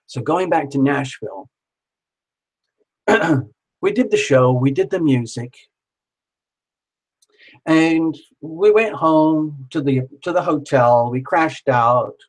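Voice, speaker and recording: A man spins a personal tale in a relaxed, lively way. His voice sits a little on the high side, and he swears casually as he talks. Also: takes it slowly, pauses often, rough recording. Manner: animated, swears casually, acts out quoted voices. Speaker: storyteller. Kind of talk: casual spoken storytelling.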